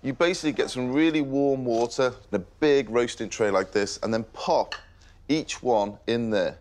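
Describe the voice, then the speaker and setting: A man's voice: mid-range voice, moderate pace, darkish tone, a little hiss or hum. A man hosting a cooking show, talking casually and enthusiastically as he demonstrates a recipe in a kitchen. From Merseyside, England. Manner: casual and enthusiastic, praising the food.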